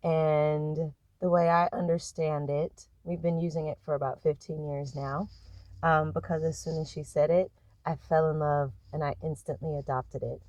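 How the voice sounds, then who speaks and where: Low-voiced, slow-talking woman, reflective. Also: darkish tone, no room sound, highs cut off. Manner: thoughtful, unhurried, with frequent hesitations. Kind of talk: reflective personal monologue.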